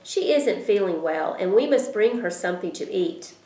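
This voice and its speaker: A woman voicing a calm, wise male friend in a storybook, speaking slowly and gently. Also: mid-range voice, heavy background noise, lightly acted. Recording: roomy echo.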